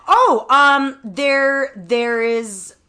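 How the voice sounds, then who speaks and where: A woman guest on an interview, telling stories in a casual, animated way, with many fillers and restarts. She acts out quotes as she talks. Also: sits high, drawn-out words. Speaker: guest author. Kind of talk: casual conversational storytelling.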